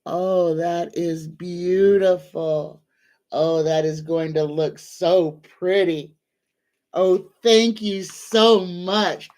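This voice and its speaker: A woman's voice: on the low side, steady tone, darkish tone. A woman hosting a casual livestream as a tarot reader, gushing and grateful. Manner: gushing and grateful, talks slowly.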